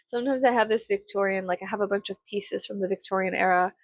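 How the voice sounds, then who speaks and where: A woman's voice: medium pitch, steady tone, quick pace, no room sound. A young woman from South Texas chatting casually to camera, rambling with lots of "like" and swearing freely. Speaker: vlogger.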